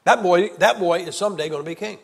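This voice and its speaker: A male evangelist preaching a sermon in a high, ringing voice, the sound carrying a long reverb from the hall. He keeps asking rhetorical questions and moves from loud, driving declarations to quiet storytelling. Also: fast, vocal fry, husky. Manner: emphatic, rhetorical questions, swings from loud to hushed. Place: large church hall.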